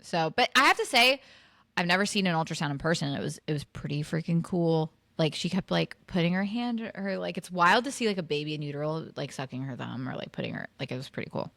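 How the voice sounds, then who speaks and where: Lowish voiced woman podcast cohost, chatty, rambling, dry close sound. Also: lively intonation, fast, creaky, a bit bright, no echo. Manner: chatty, swearing, lots of fillers and laughs. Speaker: podcast co-host. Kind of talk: casual chat.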